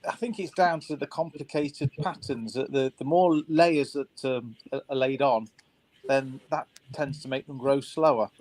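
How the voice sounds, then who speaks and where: A man's voice: mid-range voice, steady tone, normal speed, a little mellow, low-quality recording. Thoughtful explaining man. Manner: thoughtful explaining, stammers on restarts. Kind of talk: casual chat.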